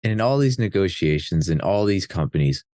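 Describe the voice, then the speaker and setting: A man hosting a podcast, asking interview questions in a halting way with frequent restarts. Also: deep voice, animated, darkish tone, no room sound, clean studio sound. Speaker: podcast host.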